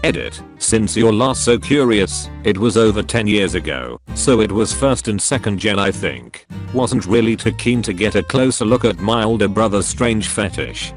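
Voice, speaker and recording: Low-voiced man reading posts aloud. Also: lively intonation, normal speed. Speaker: narrator reading online posts. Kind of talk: scripted narration. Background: faint guitar music.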